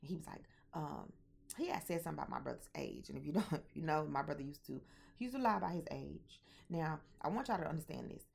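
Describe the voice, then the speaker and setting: Deep, husky, and fast, with vocal fry, this young vlogger tells her viewers a personal story with candor and animation. She swears often, addresses them directly, and speaks with a mixed Southern and Midwestern American accent.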